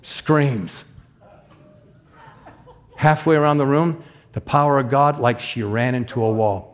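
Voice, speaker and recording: A middle-aged man preaching as a guest minister, telling a story with emphatic, animated delivery and acted sound effects. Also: medium pitch, unhurried, long pauses. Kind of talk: storytelling sermon.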